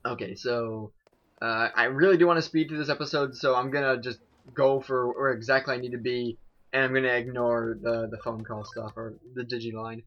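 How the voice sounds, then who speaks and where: A man's voice: medium pitch, fairly even intonation, a little fast, highs cut off. A man casually commenting on a video game he is playing, rambling and self-mocking with lots of "like" and restarts. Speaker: let's play host.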